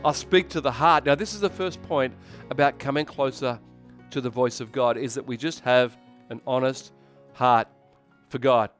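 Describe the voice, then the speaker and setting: A man with an Australian accent, a pastor preaching a sermon in a conversational, energetic way with many restarts. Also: medium pitch, normal speed, long pauses, faint music behind.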